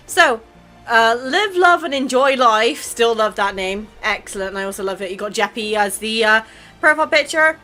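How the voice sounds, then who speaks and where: A young woman in her twenties, hosting her own vlog. She is chatty and emotional, laughs easily, and swears casually. Her voice is bright and forceful and sits a little high. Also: expressive, normal speed, faint music behind. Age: 20s. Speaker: YouTube channel host. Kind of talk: casual vlog chat reading viewer comments.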